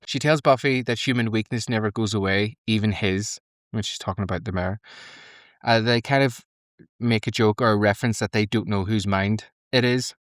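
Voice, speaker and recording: A young man co-hosting a podcast, recapping an episode in casual, animated chat and laughing often. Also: no echo, studio quality. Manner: animated, laughing, mimics characters in high squeaky voices. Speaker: podcast co-host. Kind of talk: casual reaction commentary.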